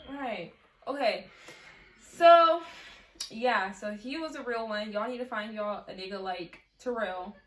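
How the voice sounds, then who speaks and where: Casual storytime vlogger, woman, slightly high, roomy home recording. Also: unhurried. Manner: chatty, giggly, rambling storyteller. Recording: echoey room, faint noise.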